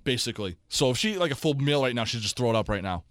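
A young man, co-hosting a casual sports podcast and telling an animated story in which he acts out the people in it. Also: medium pitch, rapid-fire, dry recording. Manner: animated storyteller, acts out quoted voices loudly. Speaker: podcast co-host.

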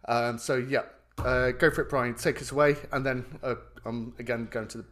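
A man hosting a casual podcast chat, lively and teasing with his guests. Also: medium pitch, normal speed.

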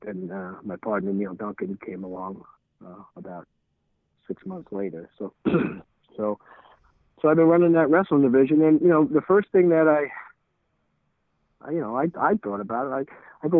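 Heard through tinny, phone-like audio with no echo, a middle-aged interview guest spins casual stories at a moderate pace in a medium-pitched voice. He rambles, repeats words, and voices the people in past conversations.

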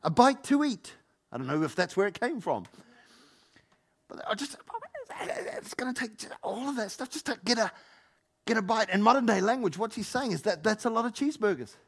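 A man preaching a sermon as pastor, animated, acting out Bible figures and joking with the congregation. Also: sits high, brisk, breathy edge. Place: church hall.

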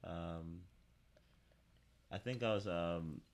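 A man's voice: sits low, drawn-out words, a little hiss or hum. A man as a podcast guest in casual chat, talking hesitantly with many fillers.

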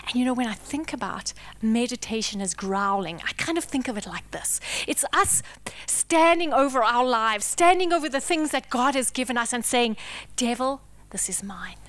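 A woman preaching a sermon, dramatic and emphatic, dropping to intense whispers and rising to loud declarations. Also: on the high side, animated, moderate pace.

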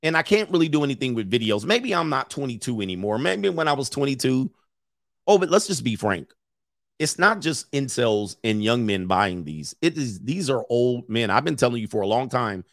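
A man's voice: medium pitch, sing-song, normal speed, no room sound, studio quality. A man in his thirties hosting an online commentary show, ranting brashly and laughing at his own jokes. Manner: brash, joking, laughs often. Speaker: streamer and commentary host. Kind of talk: casual commentary rant.

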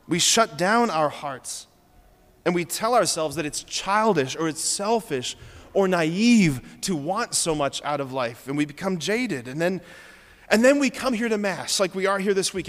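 Male priest, fairly high voice, casual but earnest homily style, long church echo. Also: fairly bright tone. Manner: conversational, earnest preaching with frequent "like". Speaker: Catholic priest. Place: large church.

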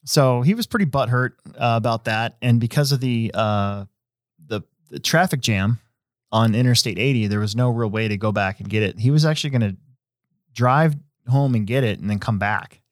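A man hosting a casual podcast, talking in a rambling, relaxed way with many fillers and restarts. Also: mid-range voice, moderate pace, dry recording, clean studio sound. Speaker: host; hobby shop owner.

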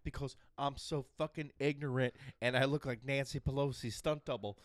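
A man's voice: medium pitch, fairly even intonation, normal speed, no echo, studio quality, lightly acted. A man doing a stammering clueless politician. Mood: sheepish. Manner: rambling, stammering confession. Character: bumbling, clueless male politician.

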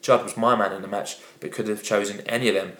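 Deep, flat-voiced man in an echoey room. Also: quick pace. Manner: upbeat, agreeable, reads listener tweets aloud. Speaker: podcast host. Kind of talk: casual football podcast chat.

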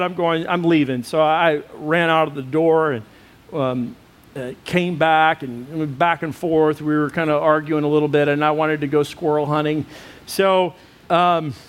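A pastor telling a personal story in his sermon, acting out the quotes and laughing at himself. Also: high-pitched. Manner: animated storytelling, acts out quotes, self-deprecating laughs.

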